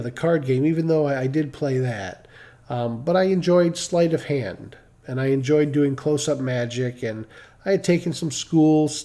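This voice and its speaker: A man's voice: a little high, dark tone. A middle-aged man from Michigan telling a personal story in casual, rambling talk on a live stream, full of restarts and asides.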